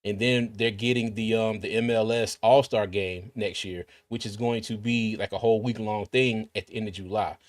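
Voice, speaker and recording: A man's voice: on the low side, steady tone, normal speed, few pauses, dry recording. A man hosting a casual livestream, chatting and reading viewer comments aloud with frequent restarts. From Carolinas, US. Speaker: livestream host.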